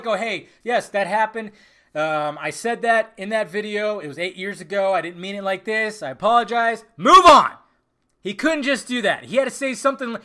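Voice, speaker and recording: Bright, high-voiced man ranting. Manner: heated, profane, repeats himself. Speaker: podcast host. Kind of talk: casual rant.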